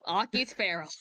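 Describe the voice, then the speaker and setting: A woman's voice: on the low side, pushed and bright. A woman playing in a tabletop game, eagerly describing her character's actions. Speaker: player.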